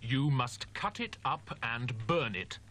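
A grim, resolute young student , voiced by a man, in a horror audiobook drama. He speaks firmly and deliberately at a middle pitch, with faint noise behind him. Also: big pitch swings, pushed and bright, exaggerated voice. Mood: threatening.

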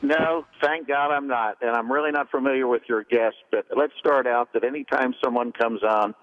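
A man's voice: mid-range voice, fairly even intonation, normal speed, soft background music. An older man on talk radio, blunt and opinionated, ranting about academia. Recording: dull lo-fi radio audio.

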